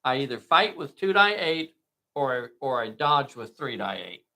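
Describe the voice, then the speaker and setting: A man's voice: medium pitch, big pitch swings, unhurried, bright, forceful tone. A man hosting a solo tabletop game, narrating the action with play-by-play enthusiasm and often addressing viewers as boys and girls.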